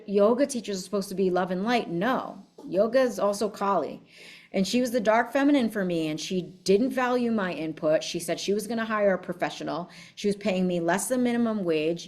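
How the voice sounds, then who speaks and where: A blunt woman speaking as a business coach, swearing freely and telling her story with fiery energy. Her voice sits at a middle pitch for a woman, and the talk has a loose, casual motivational feel. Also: a little mellow. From United States.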